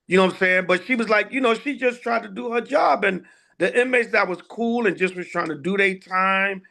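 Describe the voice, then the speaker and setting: A man's voice: high voice, creaky, a bit bright. A man, an elder leading a class, telling stories in a casual way with many fillers and voiced dialogue.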